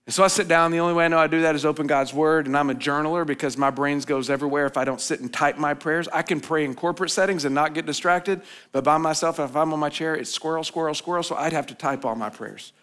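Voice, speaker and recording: A man preaching a sermon as pastor, telling a personal story in a conversational way, rising to emphatic points and dropping soft and low for reflection. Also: fairly even intonation, fast talker, hardly any pauses, clean tone. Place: church hall.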